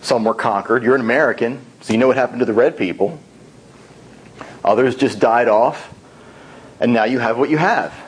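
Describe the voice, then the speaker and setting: A man voicing a stern, long-winded male shadow president in a spoken tall tale, with a husky voice. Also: medium pitch, normal speed, pauses often, natural voice, low-quality recording.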